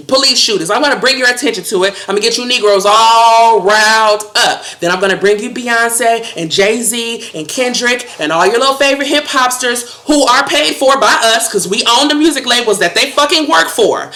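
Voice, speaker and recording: A woman's voice: fairly high pitch, moderate pace, sharp tone, echoey room. Woman doing a smug scheming politician.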